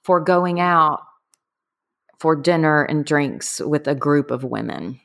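A middle-aged woman candidly recounting her own experience in a conversation, earnest and a bit halting. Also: sits low, creaky, fairly bright tone. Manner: candid, earnest, trailing off with fillers. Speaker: guest. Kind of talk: personal storytelling in conversation.

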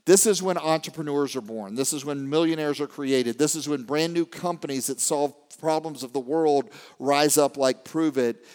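A male motivational speaker giving a live keynote, rallying the audience with questions and swinging from hushed asides to shouted peaks. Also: a little high, moderate pace, hardly any pauses. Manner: rallies the crowd with call-and-response questions. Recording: long hall reverb.

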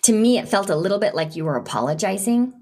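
A woman coaching a client in conversation, encouraging and animated, acting out eager invitations to make her point. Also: medium pitch, quick pace. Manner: encouraging, animated, role-plays enthusiastic invitations. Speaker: business coach hosting a coaching session.

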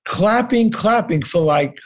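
A man's voice: sits high, expressive, slow pace. A man telling a story as an interview guest, acting out the dialogue and swearing casually.

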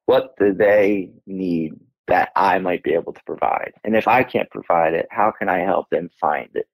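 A middle-aged man, an Air Force veteran, telling a personal story as a guest in a casual interview, animated and acting out his own lines. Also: deep voice, moderate pace, creaky, slightly rough, no room sound, poor audio. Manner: animated, acts out his own lines, laughs through emotion.

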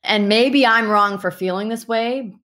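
A woman answering interview questions, telling animated stories with quick asides and restarts. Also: fairly high pitch. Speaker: guest who handles reviews for partner animal hospitals.

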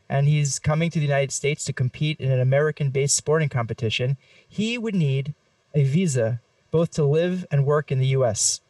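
A man's voice: a little high, a little mellow, no echo, distant mic. A man hosting a podcast, talking in a playful, jokey way. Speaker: podcast host. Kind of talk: casual podcast discussion.

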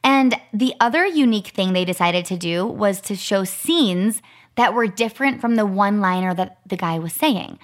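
A woman in her thirties co-hosting a podcast, talking in a chatty, casual way. She leans on "like" and keeps a story rolling with animated retellings. Her voice sits at an ordinary middle pitch. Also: moderate pace. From Arizona, US. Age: 30s. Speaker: podcast co-host.

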